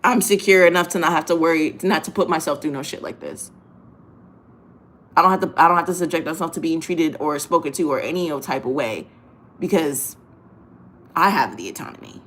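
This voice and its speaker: A woman's voice: low voice, a little fast, fairly bright tone, slight background noise. A woman hosting a casual monologue in a blunt, profane, emphatic way, often repeating phrases for effect. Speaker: host.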